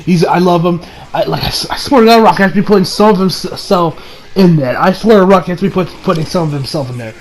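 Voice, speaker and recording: A man with a notably high voice chats casually through an episode recap. He rambles, restarts his sentences often and teases himself along the way. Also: quick pace, low-quality recording. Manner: rambling, with many restarts and self-mocking asides. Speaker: anime reviewer.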